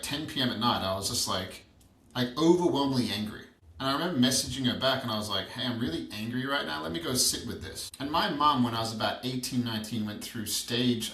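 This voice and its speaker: A man's voice: medium pitch, sharp tone. A man in his thirties, a coach and podcast guest, telling personal stories in a reflective way and repeating questions for emphasis. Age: 30s. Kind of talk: candid podcast conversation. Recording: roomy, distant from the mic.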